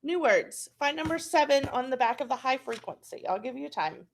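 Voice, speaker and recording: A woman's voice: high-pitched, expressive, moderate pace, creaky, a little hiss or hum. A woman teacher leading a patient, encouraging phonics lesson for young children.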